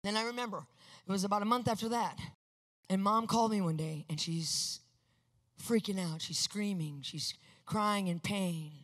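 A woman preaching a testimony sermon, emphatic, moving from hushed to loud. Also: mid-range voice, normal speed, long reverb tail.

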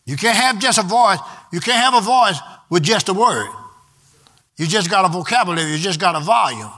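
A man's voice: high voice, expressive, brisk, sharp tone. A man preaching a sermon emphatically and calling out to the congregation for responses. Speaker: pastor.

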